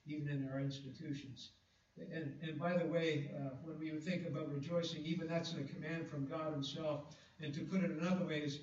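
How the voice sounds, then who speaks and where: A man preaching a sermon, reading scripture slowly and with emphasis, with fillers and restarts. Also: fairly high pitch, a little mellow, slight background noise. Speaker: pastor. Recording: echoey, distant, dull room recording.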